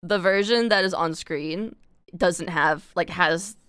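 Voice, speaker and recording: A woman's voice: on the low side, slow pace, a bit bright, smooth, no room sound. A young woman from Canada chatting casually on a live stream, rambling with lots of fillers and casual swearing.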